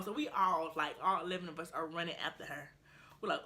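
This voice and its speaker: A young woman, telling a storytime in a casual vlog, animated and acting out what her friends said. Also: lowish voice, a little fast. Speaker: vlogger.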